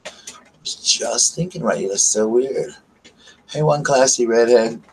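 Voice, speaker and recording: A man chats warmly to his live viewers from his bedroom, greeting each one by name with an easy, mid-pitched voice. He rambles affectionately and a faint noise sits behind him. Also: a little slow, low-quality recording. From US South. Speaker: channel host. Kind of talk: casual live-stream chat. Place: bedroom at home.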